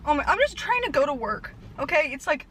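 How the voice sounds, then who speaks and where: A young woman vlogger telling a rambling story fast and out of breath, laughing at herself. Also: high voice, very animated, a bit bright, a little hiss or hum, rough recording. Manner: breathless, fast-talking, self-deprecating.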